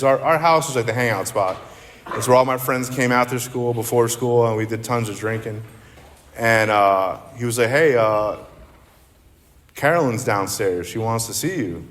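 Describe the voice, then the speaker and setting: A man's voice: mid-range voice, fairly bright tone. A man from central New Jersey speaking at a recovery meeting, rambling and candid, often poking fun at himself. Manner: rambling, candid, self-deprecating. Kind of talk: personal recovery talk. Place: meeting hall. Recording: long hall reverb.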